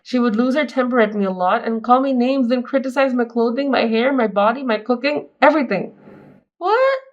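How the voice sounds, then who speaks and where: A woman's voice: on the high side, a little fast, dull audio. A young woman reading an online post aloud and reacting to it in a chatty, giggly way, often breaking off to comment. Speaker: story reader and commentator.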